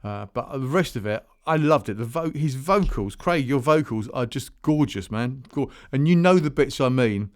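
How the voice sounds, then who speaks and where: Male podcast host and musician, middle-pitched, rambling solo chat with lots of restarts. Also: animated, normal speed, hardly any pauses. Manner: rambling, chatty, full of restarts and asides. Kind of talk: casual solo chat between tracks.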